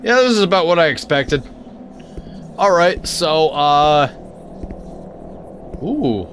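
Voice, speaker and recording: Playful, slow-talking man with a lively voice. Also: fairly high pitch, noisy background. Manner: jokey, talks to the game; stutters when startled. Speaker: gaming channel host. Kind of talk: let's play commentary.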